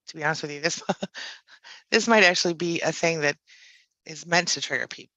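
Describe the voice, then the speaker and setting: Bright, low-voiced woman hosting a live chat. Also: dry recording, rough recording. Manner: chatty, halting with frequent restarts. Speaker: livestream host reading viewer chat. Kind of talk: casual chat.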